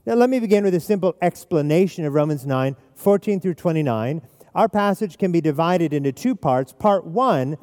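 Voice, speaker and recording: A man's voice: fairly high pitch, lively intonation, normal speed, darkish tone, big-room sound. A man preaching an expository sermon as pastor, emphatic and repeating his key phrases.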